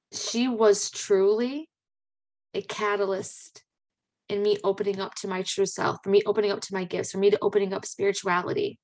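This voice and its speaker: A woman in her thirties, hosting a podcast, telling personal stories in a chatty, animated way with frequent exclamations. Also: medium pitch. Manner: chatty and animated, with many fillers and excited exclamations. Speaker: podcast host. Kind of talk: personal storytelling.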